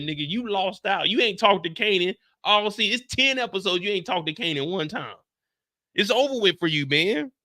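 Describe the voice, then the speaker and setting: A man hosting a live reaction stream, recapping a TV show in an animated, profane, ranting way. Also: high voice.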